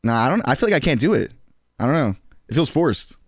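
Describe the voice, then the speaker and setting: A man's voice: mid-range voice, big pitch swings, fast, no echo, studio quality. A man in his twenties with a New York accent, chatting loosely and profanely with his stream viewers, laughing often. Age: 20s. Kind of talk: casual chat with stream chat.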